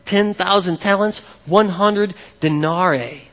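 A high-pitched male pastor delivers an animated sermon, often breaking off to chat with the congregation. His voice rings with long reverb through a church hall, and the sound is a bit dull and lo-fi. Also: slow pace. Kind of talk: live sermon.

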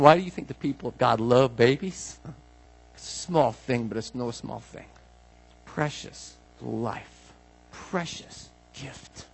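A man preaching a casual, animated sermon, acting out the people in the story and swinging from quiet asides to loud exclamations. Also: mid-range voice, breathy edge, low-quality recording. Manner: animated, swings from soft asides to loud bursts, acts out quotes. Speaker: pastor.

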